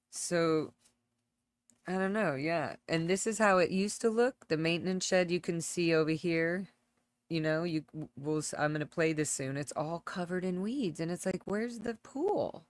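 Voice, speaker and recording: A woman's voice: lowish voice, no echo. Middle-aged woman, livestream host; loose, rambling commentary with exclamations. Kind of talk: casual livestream commentary over videos.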